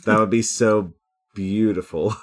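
A man's voice: lowish voice, steady tone, a little slow. A man playing a tabletop game with friends, chatting and joking playfully. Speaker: player. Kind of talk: casual chat at a tabletop game.

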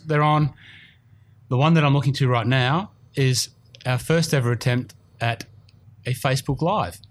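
A man with an Australian accent hosting a golf podcast in casual, rambling chat, a bit self-deprecating. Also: medium pitch. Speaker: podcast host. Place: studio room.

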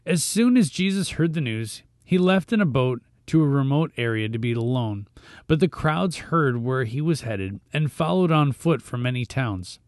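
Expressive and moderately paced, a man with a somewhat mellow mid-range voice reads scripture on his short devotional show and then reflects aloud in a relaxed, chatty manner, stumbling into fillers and restarts. There's no room sound, just clean studio audio.

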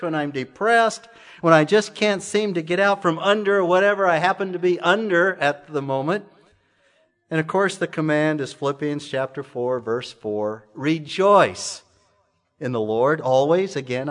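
A man's voice: a little high, a bit bright. A man preaching a sermon to his church in a conversational way, full of rhetorical questions and repeated phrases. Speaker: pastor.

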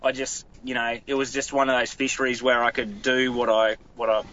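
A man's voice: mid-range voice, little pitch movement, brisk, pushed and bright, muffled recording. A man with an Australian accent, a guest telling stories in a casual podcast chat, rambling with many restarts. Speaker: guest angler.

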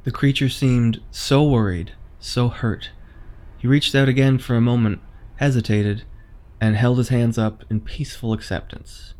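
Male horror narrator, measured, suspenseful delivery. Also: mid-range voice, fairly even intonation, a little mellow.

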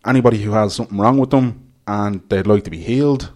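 A man's voice: fairly low pitch, quick pace, a little mellow. Rambling Irish man telling a story. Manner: rambling storyteller, many fillers and quoted voices. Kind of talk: casual chat.

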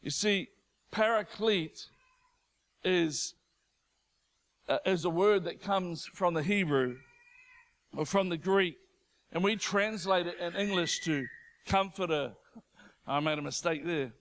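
A male preacher losing his voice, delivering an impassioned sermon that builds to shouting. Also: high-pitched, takes it slowly, pauses often, slight background noise.

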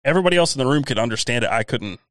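A man's voice: medium pitch, expressive, very fast, fairly bright tone, no room sound. A man co-hosting a podcast in casual chat, hesitant and prone to mumbling. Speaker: podcast co-host.

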